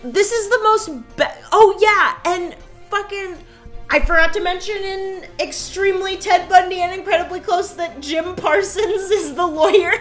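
A woman with a high voice co-hosts a loose, tipsy-sounding podcast chat. She rambles, laughs and drags out her punchlines. Faint music plays under her voice. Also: steady tone, a bit bright. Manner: chatty, laughing, drawn-out asides. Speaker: podcast co-host. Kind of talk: casual chat.

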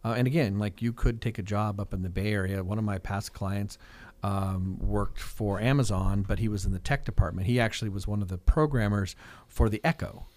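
Speaking a little fast and on the low side, this Fresno, California man is middle-aged and works in real estate and coaching. In a relaxed radio interview he comes across as chatty and energetic, often saying "like" and tagging on "right?"

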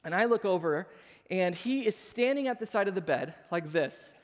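Animated pastor preaching in a reverberant hall. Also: male voice, high voice, normal speed. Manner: animated storytelling, acts out voices. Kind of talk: sermon.

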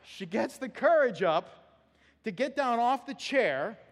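Male pastor, high and lively delivery, sermon anecdote, reverberant sanctuary. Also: takes it slowly. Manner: storytelling, animated, laughing at own anecdote. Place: church sanctuary. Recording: long hall reverb.

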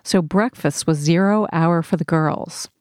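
A woman reading a first-person memoir aloud in a measured, earnest storytelling manner. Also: deep voice, darkish tone, no room sound, clean studio sound. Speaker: narrator.

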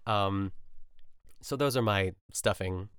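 A man's voice: fairly low pitch, slow, fairly bright tone, clear, resonant tone, dry recording, clean studio sound. A young man hosting a podcast, chatting casually and rambling through a cooking show recap with lots of fillers and asides. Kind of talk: casual chat.

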